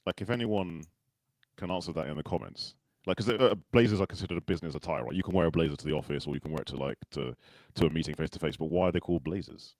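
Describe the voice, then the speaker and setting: Host type, male, very low gravelly voice, lively and quick, dry close sound. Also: dry recording. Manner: joking, quick, laughs often. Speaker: show host. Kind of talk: casual live-stream chat.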